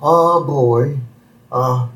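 A man voicing a gruff, lovesick middle-aged male bartender who rambles nervously. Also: mid-range voice, very slow, a bit bright, pitched above the performer's own voice. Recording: roomy, distant mic.

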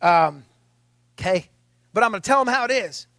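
A man preaching a conversational sermon podcast as a pastor, animated and chatty, with wry asides and quoted voices. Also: sits high, normal speed, no echo.

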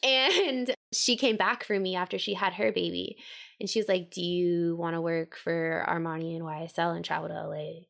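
A young woman in her twenties, a podcast co-host, telling her story in a casual, slangy, animated way and acting out the voices she quotes. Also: lowish voice, moderate pace, gravelly.

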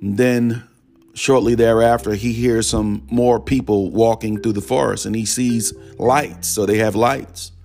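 A man's voice: on the low side, steady tone, unhurried, vocal fry, a little mellow, soft background music. A man preaching in a conversational storytelling style, often repeating "he said" as he goes. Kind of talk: storytelling sermon.

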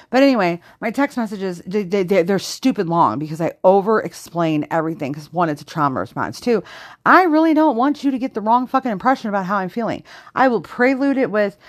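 A low-pitched woman rants into a dry, close microphone on her solo podcast. She swears constantly and swings between tired sighs and sharp sarcastic jabs. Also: no echo. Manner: profane, fast-shifting, venting with heavy swearing. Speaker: podcast host. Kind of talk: unedited solo podcast rant.

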